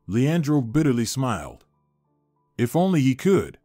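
A man reading a scripted dramatic story aloud as narrator, in an expressive storyteller voice. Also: medium pitch, moderate pace, no room sound, soft background music.

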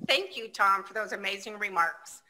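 Bright-voiced woman giving a video-call speech. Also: mid-range voice, animated, moderate pace, rough recording. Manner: personable, lightly self-deprecating. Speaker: outgoing association president.

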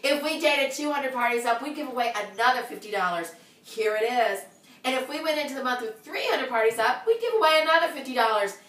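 A woman in a bubbly, exclamatory team announcement, slightly hoarse from cheering. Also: high-pitched, expressive, fast, hardly any pauses, fairly bright tone, far from the mic. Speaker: sales team leader. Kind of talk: upbeat team announcement video. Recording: echoey room, voice from off-mic.

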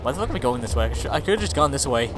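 A man giving let's play commentary. He is excitable, swears a lot and yells at his game companion. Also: mid-range voice, rapid-fire, over music. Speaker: gaming video creator.

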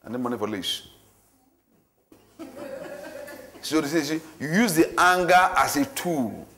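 A man with a fairly high voice leads a church marriage class. He lectures in an animated way, repeating points and acting out everyday situations for his listeners. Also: measured pace, noisy background. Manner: repetitive, animated, acts out scenarios.

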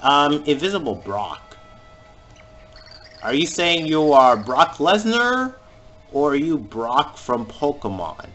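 A man giving jokey let's-play commentary over a video game and reacting with sudden loud exclamations. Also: fairly high pitch, very animated, takes it slowly, a little hiss or hum. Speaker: gamer playing through a video game.

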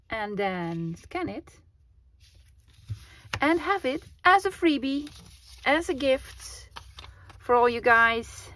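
A woman's voice: a little high, a bit bright. A woman chatting casually to her viewers and to herself while making a collage, laughing often. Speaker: craft vlogger. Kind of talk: casual crafting vlog chat. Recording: clear background noise with clicks.

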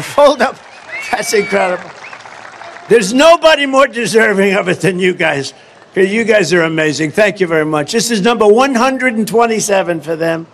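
A man's voice: high voice, a bit bright, a little hiss or hum. A man from the United States giving a rambling, boastful rally speech full of repetitions and asides. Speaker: political candidate at a rally.

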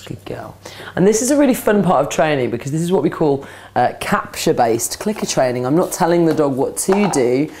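A woman explains dog scent training in a calm, practical way. She talks like a trainer at work, mixing instructions with quiet praise for the dog. A faint hiss sits under her voice. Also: low voice, a little fast, few pauses. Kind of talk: instructional demonstration. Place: indoors, training session with a dog.

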